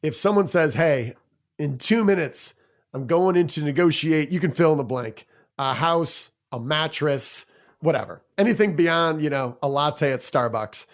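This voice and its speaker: Chatty podcast host, a man, pitched a bit high. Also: animated. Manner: chatty, reflective, quick asides. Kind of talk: casual conversation.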